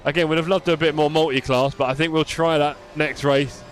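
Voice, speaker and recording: A man's voice: fairly high pitch, fairly even intonation, fast, faint music behind. A young man live-streaming a racing game, chatting casually and answering his viewers by name with self-deprecating humor.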